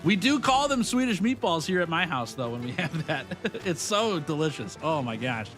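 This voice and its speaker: A man's voice: on the high side, very animated, moderate pace, a bit bright. A young man casually chatting with his live-stream viewers while playing, upbeat and chatty, laughing often and greeting people by name. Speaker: streamer host. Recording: game music behind voice.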